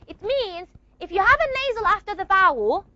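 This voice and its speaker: A woman teaching a phonetics lesson in class, asking questions and answering them herself, and stretching key words slowly. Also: very high voice, very animated, pushed and bright, no room sound. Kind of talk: classroom lecture. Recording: dull lo-fi recording.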